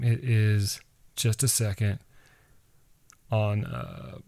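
A middle-aged man co-hosting a podcast, chatting in an animated way and mimicking his kids as he tells stories. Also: lowish voice, a little fast, vocal fry, no echo. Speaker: podcast co-host, teacher. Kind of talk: casual chat.

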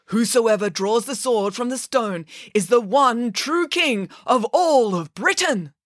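A woman voicing a solemn man from a crowd, speaking slowly and formally. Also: fairly high pitch, expressive, dry recording, clean studio sound, pitched above the performer's own voice. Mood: reverent. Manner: slow, formal, declaiming.

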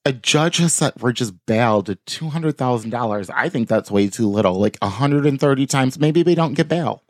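A man's voice: medium pitch, lively intonation, normal speed, no room sound, studio quality. A man hosting a podcast, reading news articles aloud with offhand jokey asides in casual chat. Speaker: podcast host.

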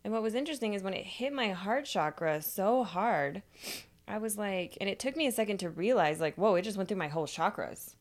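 A woman's voice: mid-range voice, expressive, brisk. A woman guest on a podcast telling a personal story in a chatty, casual way, full of "like" and laughter.

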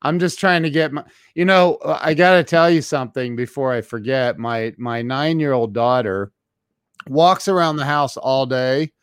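A podcast host, relaxed and joking, mostly giving short replies to the guest. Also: medium pitch, moderate pace, smooth, dry recording, studio quality. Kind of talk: casual interview chat.

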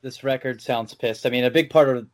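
A man's voice: mid-range voice, fairly even intonation, brisk, slight background noise. A man hosting an interview, asking questions in a casual, loose way with fillers. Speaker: interviewer, host.

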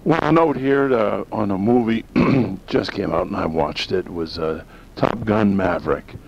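A man's voice: on the low side, unhurried, vocal fry, husky. A man from northern Maine hosting a talk radio show, rambling in a folksy, opinionated way. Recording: dull lo-fi sound with faint hiss.

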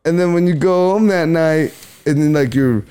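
A man's voice: on the high side, normal speed, dark tone, clear, resonant tone. A man from Riverside, California, telling a road story in casual chat, laid-back and swearing freely while acting out other people's lines. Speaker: comedian guest.

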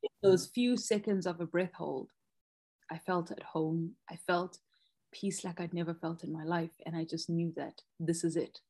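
A woman in her thirties, a podcast guest telling a personal story with lively re-enacted moments. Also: on the low side, moderate pace. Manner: expressive, acts out quoted panic loudly.

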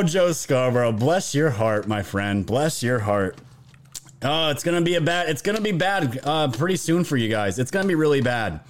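A male host giving casual, mocking political commentary and talking to his viewers as "guys.". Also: mid-range voice.

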